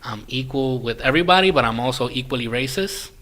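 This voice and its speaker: A man co-hosting a podcast in casual chat, animated and self-mocking, swearing freely. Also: mid-range voice, quick pace. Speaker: podcast co-host.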